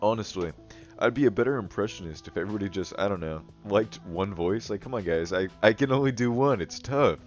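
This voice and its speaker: A digital artist and video host draws while cracking crude, profane jokes, laughing often and calling himself the Goblin King as he addresses viewers. His voice is lowish and fairly quick, captured in a dull lo-fi recording with faint music.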